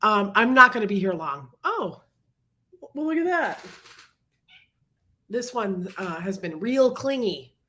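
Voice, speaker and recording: A woman's voice: sing-song, slow pace, long pauses, pushed and bright, a little hiss or hum. A sick, congested woman hosting a casual livestream, chatting and greeting viewers by name between coughs. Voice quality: low husky sick voice. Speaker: livestream host.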